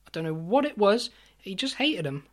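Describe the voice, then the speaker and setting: Female co-host, middle pitch, giggly sarcastic banter. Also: sing-song, moderate pace. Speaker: podcast co-host. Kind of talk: casual comedic chat.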